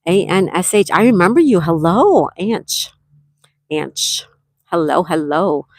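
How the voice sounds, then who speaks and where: Speaking slowly and expressively in a fairly low, darkish voice, a livestream host from Western New York chats from a campsite cabin. She reads viewers' comments aloud and greets them by name, and the recording is dry.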